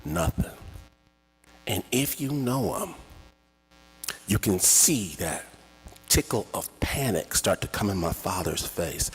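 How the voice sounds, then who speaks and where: A man telling a personal story live, in an animated, theatrical and conversational way, with a slightly husky voice. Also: lowish voice, takes it slowly, pauses often. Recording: echoey hall with long reverb.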